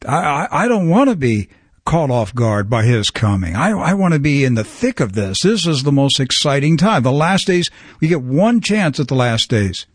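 A man's voice: medium pitch, sing-song, moderate pace, slightly rough, dry recording, clean studio sound. A man hosting a religious talk program, speaking with fervent, preacher-like urgency. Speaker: program host. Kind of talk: religious talk show conversation.

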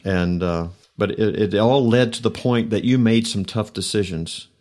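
A man hosting a faith talk show, speaking in a reflective, preacherly way with many pauses. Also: fairly low pitch, darkish tone. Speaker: host.

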